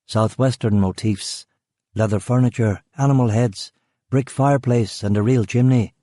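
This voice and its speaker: A man reading a crime thriller audiobook in measured scripted narration. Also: mid-range voice, warm tone, dry recording, clean studio sound.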